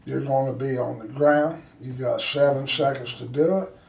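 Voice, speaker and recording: A man teaching a firearms class, blunt and forceful, acting out street scenarios for his students. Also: medium pitch, fairly even intonation, moderate pace, vocal fry. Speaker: firearms instructor. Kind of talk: classroom instruction. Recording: echoey room from far off.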